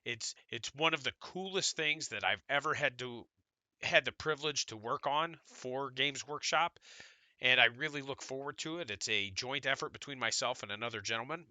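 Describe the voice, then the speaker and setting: A middle-aged man, congested from illness, giving a relaxed, rambling update to his gaming channel's viewers. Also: mid-range voice, normal speed, no echo. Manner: relaxed, rambling, self-deprecating.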